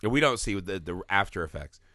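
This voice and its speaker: This podcast co-host has a deep voice and a brisk delivery as he jokes through a movie review, cursing freely and acting out characters' dialogue. The studio-quality recording carries no room sound.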